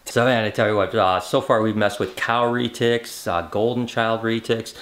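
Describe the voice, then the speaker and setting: Chatty excited man vlogging. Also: lowish voice, moderate pace. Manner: chatty and excitable, addresses viewers as guys. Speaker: vlogger host. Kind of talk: casual vlog talk to camera.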